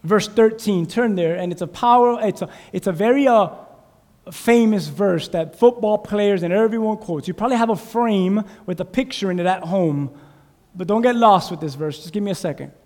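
A male preacher with a strikingly high voice teaches a sermon, tossing questions to the congregation and drawing their answers. His voice swells from quiet explanation to shouted emphasis. The sound carries a long reverb from the church hall. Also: moderate pace. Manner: call-and-response preaching, asks the congregation questions, builds to shouting. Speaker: pastor. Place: church sanctuary.

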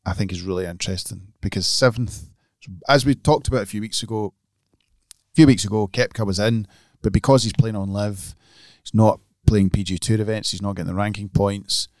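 A man co-hosting a golf podcast, talking casually and excitedly, restarting and repeating words as he goes. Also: on the low side, brisk, no room sound. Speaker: podcast co-host.

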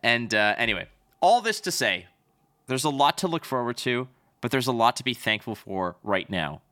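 Bright-voiced chatty podcast host. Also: male voice, medium pitch, lively intonation, normal speed, no echo. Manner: chatty and joking, winding down the episode. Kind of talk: casual podcast chat.

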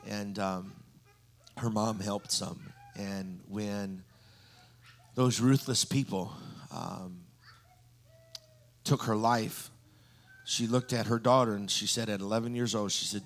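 Male preacher, low gravelly tone, rambling storyteller style sermon. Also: steady tone, unhurried, pauses often, fairly bright tone. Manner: storytelling with frequent ums and restarts. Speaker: guest preacher.

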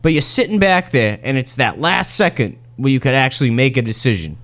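A man runs a tabletop role-play session, spinning the scene out loud. His pitch swings widely as he narrates. He talks casually and swears freely. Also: brisk. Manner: casual, profane, animated storytelling. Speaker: game master.

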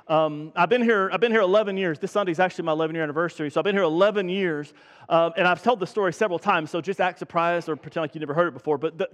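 High-voiced pastor in a reverberant church. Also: male voice. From Texas. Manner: conversational, self-deprecating storytelling with many restarts. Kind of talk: sermon with opening prayer. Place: church sanctuary.

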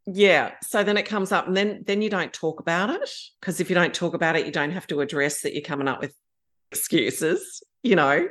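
A woman's voice: fairly low pitch, moderate pace, a bit bright. A woman in her fifties with an Australian accent, telling her story candidly as a podcast guest and acting out her own inner voices. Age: 50s.

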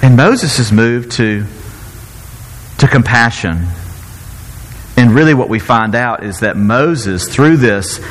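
Lively man preaching in an echoing hall. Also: medium pitch, slow, long pauses. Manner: conversational, animated, acts out quotes, chuckles often. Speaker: pastor. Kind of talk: sermon.

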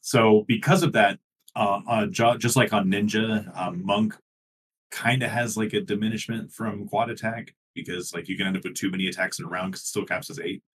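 A man's voice: fairly low pitch, fairly even intonation, fairly quick, a bit bright, a little hiss or hum. A man co-hosting a casual gaming podcast, explaining things at length with many fillers. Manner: explanatory, many ums and likes, laughs easily. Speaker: podcast co-host.

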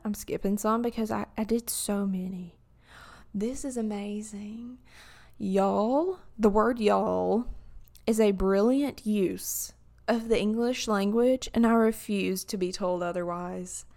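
A young woman casually reading opinion posts aloud and reacting to them in a chatty, animated way, full of fillers and restarts. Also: medium pitch.

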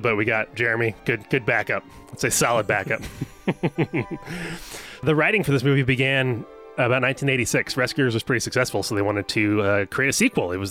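Bright-voiced podcast host. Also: male voice, lowish voice. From United States. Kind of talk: casual chat and film background.

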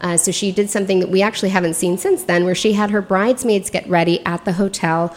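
A woman, a makeup artist and podcast guest, telling a story in a lively, casual way. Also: medium pitch, fast. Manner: animated, acts out quoted dialogue.

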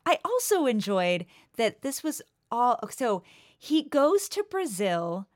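A woman's voice: fairly high pitch, very animated, slow, no echo, studio quality. An American woman co-hosting a podcast, reacting with amusement and reading out facts she looked up. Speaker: podcast co-host. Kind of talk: casual chat reviewing a TV episode.

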